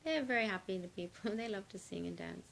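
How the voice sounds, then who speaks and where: A woman telling an improvised story in an animated, playful way, with laughing asides. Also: medium pitch, fairly quick, vocal fry, slight background noise.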